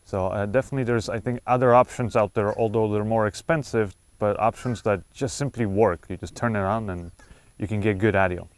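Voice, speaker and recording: A man's voice: lowish voice, fairly even intonation, a little fast, clear, resonant tone, no room sound. A man casually reviewing a wireless microphone, explaining settings with frequent fillers and restarts, recorded on a clip-on lavalier mic. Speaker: gear reviewer. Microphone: wireless lavalier clipped to shirt.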